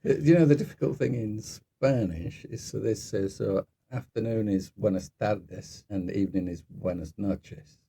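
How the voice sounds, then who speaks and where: A man's voice: on the low side, moderate pace, gravelly, hardly any pauses, dark tone, husky. A man, co-hosting a podcast and telling travel anecdotes in casual chat, laughing through his stories. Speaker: podcast co-host.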